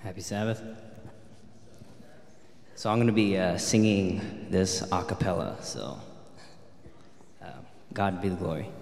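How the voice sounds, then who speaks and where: A man's voice: low-pitched, unhurried, creaky, long pauses, a little mellow, roomy sound, long reverb tail. A man greeting the congregation briefly and then singing a hymn a cappella in a church. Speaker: singer.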